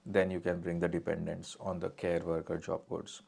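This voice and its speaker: Man, live Q&A adviser, very deep, monotone delivery, plain and direct. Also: moderate pace, gravelly, breathy edge. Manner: direct, reads out questions then answers plainly. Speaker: immigration adviser answering viewer questions. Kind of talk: live-stream Q&A.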